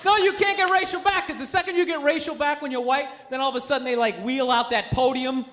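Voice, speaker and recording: Man, stand-up comedian, very high voice, sarcastic ranting, noisy live club recording. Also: fairly even intonation, fast talker, fairly bright tone, a faint crowd. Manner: ranting, sarcastic, acts out characters in asides. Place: live comedy venue with audience.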